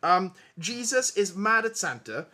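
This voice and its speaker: A man's voice: high voice, sing-song, a little slow, pushed and bright. A man hosting a casual quiz podcast, reading out odd stories and laughing at the absurd parts. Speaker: quiz host.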